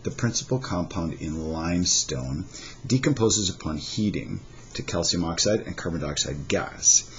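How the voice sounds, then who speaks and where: A man teaching a chemistry lesson, methodically walking through worked examples. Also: low voice. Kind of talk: recorded lesson lecture. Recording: dull lo-fi recording, faint noise.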